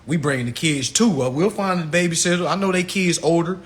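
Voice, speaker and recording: A man on a casual livestream rant, slangy and animated, swinging from low mutters to shouts and laughing at his own jokes. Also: a little fast. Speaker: livestream host.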